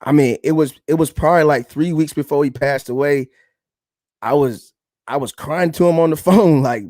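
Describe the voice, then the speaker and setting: A man in his thirties shares a personal story on a podcast in a casual, earnest way. His voice sits somewhat high for a man, and he keeps coming back to "man" as he reflects. The sound is close and dry. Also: moderate pace, darkish tone, no echo. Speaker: podcast co-host.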